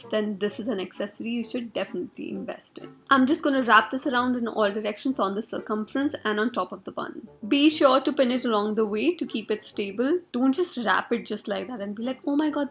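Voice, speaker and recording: A young woman from India talks through a hair tutorial in a scripted voice-over, close to the mic. Her voice sits a little high, and she tosses in dry, teasing jabs at the viewer between the steps. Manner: sarcastic, teasing asides to the viewer. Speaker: beauty vlogger.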